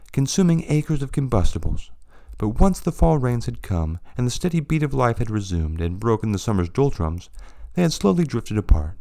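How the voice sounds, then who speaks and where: Deep-voiced man reading his own story. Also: creaky, mellow. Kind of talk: scripted narration.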